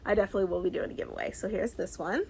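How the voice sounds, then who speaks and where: A woman in her thirties chatting excitedly through a book haul, gushing and sometimes dropping to a whisper. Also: medium pitch, very fast, creaky, slight background noise. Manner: bubbly, excitable, gushing, slips into soft whispers. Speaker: book vlogger. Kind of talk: casual book haul chat.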